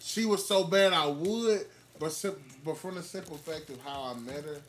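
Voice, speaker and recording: A young man hosting a podcast, telling a story among friends in a casual, animated way and acting out the voices he quotes. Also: on the high side, moderate pace, crowd noise. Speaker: podcast host.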